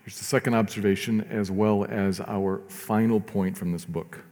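A man preaching a sermon as pastor, earnest, rising to emphatic lines and dropping to soft, slow ones. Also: lowish voice, steady tone, big-room sound.

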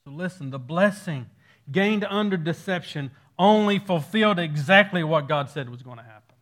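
A man preaching an expository sermon, with a voice high for a man. He moves through the passage verse by verse, reading aloud and then explaining. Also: lively intonation, normal speed, a bit bright. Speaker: pastor.

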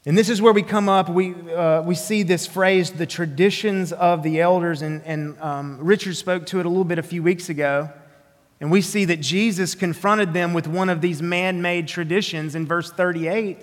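A man's voice: sits high, steady tone, moderate pace. Man, southern drawl, pastor, sermon, earnest, emphatic, long hall reverb. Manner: earnest, emphatic preaching with frequent restarts.

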